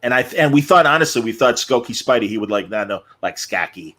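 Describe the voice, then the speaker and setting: A man's voice: mid-range voice, expressive, fast, fairly bright tone. A man co-hosting a casual podcast, telling rambling stories and joking with friends. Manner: rambling storyteller, puts on silly voices. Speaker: podcast co-host. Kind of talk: casual chat.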